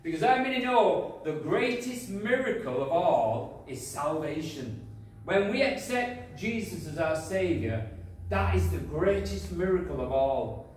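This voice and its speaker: A man preaching a sermon, telling a personal testimony, going from loud praise to quiet asides. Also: on the high side, big pitch swings, measured pace. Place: church hall. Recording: echoey hall, from far off, faint noise.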